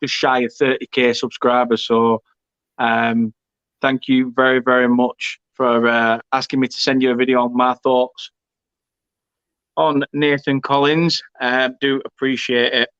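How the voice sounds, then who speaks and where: A man's voice: medium pitch, little pitch movement, measured pace, fairly bright tone, clean tone, no room sound. A man hosting a live football watchalong, reading out viewer comments and cracking jokes, often repeating his words. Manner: chatty, jokey, stumbles and repeats words. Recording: dull lo-fi stream audio.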